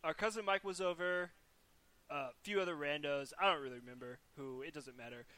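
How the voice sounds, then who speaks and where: A man's voice: fairly high pitch, fairly quick, sharp tone, no echo. A man casually telling stories as the older brother, profane and laughing often. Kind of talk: casual chat.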